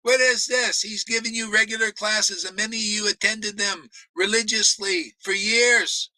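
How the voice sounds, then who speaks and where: A man's voice: high voice, steady tone, normal speed, sharp tone, dry recording, low-quality recording. A man preaching a blunt, combative sermon, swearing for emphasis and laughing between remarks. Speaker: spiritual teacher. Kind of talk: ranting sermon.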